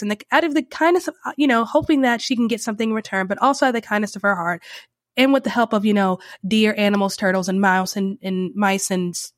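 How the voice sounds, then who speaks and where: A woman hosting a podcast, retelling a story in a chatty way with wry asides and sharp opinions. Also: on the high side, dry recording, clean studio sound. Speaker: podcast host. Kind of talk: opinionated commentary.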